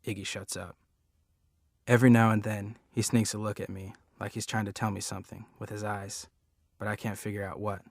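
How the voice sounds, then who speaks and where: Low, flat male audiobook narrator. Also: fairly quick, gravelly, no room sound, clean studio sound. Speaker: audiobook reader. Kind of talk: scripted narration.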